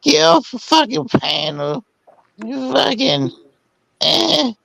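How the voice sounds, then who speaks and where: A man putting on a shrill, furious woman's voice, swearing and screeching as a mocking impression on a stream panel. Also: sing-song, slow pace, gravelly, fairly bright tone, no room sound, exaggerated voice, low-quality recording.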